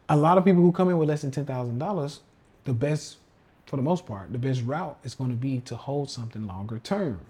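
A man's voice: fairly high pitch, a little mellow, slightly rough. A man hosting a casual livestream rant as a trading coach, slangy and emphatic, often repeating himself. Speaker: podcast host and trading coach.

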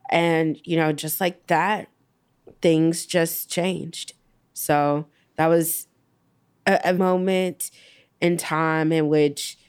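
Young woman telling her story, low-ish voice, smooth and clear, lots of pauses and you knows. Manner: halting, reflective, many fillers. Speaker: guest. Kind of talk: personal storytelling interview.

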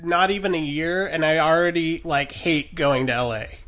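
A man's voice: a little high, moderate pace, fairly bright tone. Male podcast host, light tenor, chatty and rambling. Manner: chatty, rambling with fillers and restarts. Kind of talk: casual chat.

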